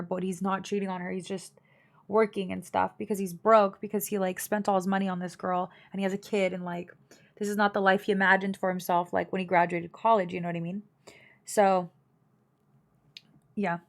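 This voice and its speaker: A young woman live-streaming from home, chatting casually with her viewers and telling family gossip in a blunt way, full of fillers. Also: medium pitch.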